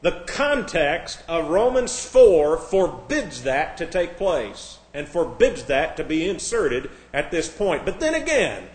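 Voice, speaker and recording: Sarcastic preacher in an echoey room. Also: male voice, sits high. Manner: sarcastic, mocking. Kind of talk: sermon.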